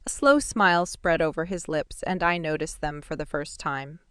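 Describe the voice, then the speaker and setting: A woman's voice: low-pitched, moderate pace, a bit bright, smooth, no echo. A woman reading a first-person audiobook in a playful, wry manner, recorded on a studio mic. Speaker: audiobook narrator. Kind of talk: scripted first-person narration.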